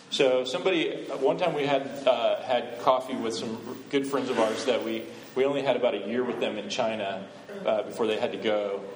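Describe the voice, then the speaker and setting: A man's voice: mid-range voice, reverberant, slight background noise, poor audio. A man giving a conversational sermon as a visiting missionary speaker, often asking the congregation questions. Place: church.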